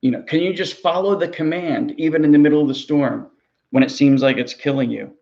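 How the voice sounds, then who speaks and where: A man's voice: a little high, brisk, vocal fry, a little mellow, highs cut off. A man, a ministry pastor, preaching a sermon in an earnest, conversational way, often repeating words as he goes.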